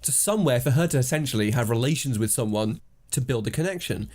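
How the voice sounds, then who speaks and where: A man co-hosting a podcast, chatting casually and building a story with lively, laughing explanations. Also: mid-range voice, quick pace. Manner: animated, laughs easily, explains at length. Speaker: podcast co-host. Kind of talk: casual chat, improvised storytelling.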